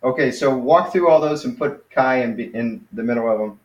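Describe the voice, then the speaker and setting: Man teaching Greek in a roomy room. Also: medium pitch. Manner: encouraging, patient, drills pronunciation slowly. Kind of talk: casual one-on-one lesson. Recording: roomy, dull lo-fi sound.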